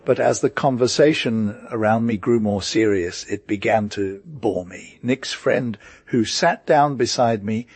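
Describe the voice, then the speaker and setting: Man, audiobook narrator, first-person story, measured reading, husky, dry close sound. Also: lowish voice, darkish tone, dry recording.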